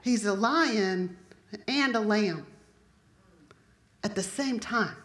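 A woman's voice: mid-range voice, takes it slowly, a bit bright. Lady preacher, chatty sermon w/ little jokes to the crowd, roomy echo all around. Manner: conversational, humorous asides to the congregation. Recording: echoey room.

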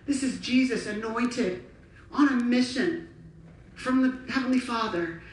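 A woman's voice: fairly high pitch, measured pace, a little hiss or hum. A woman preaching a sermon, telling stories with passion and animation. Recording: echoey hall from far off.

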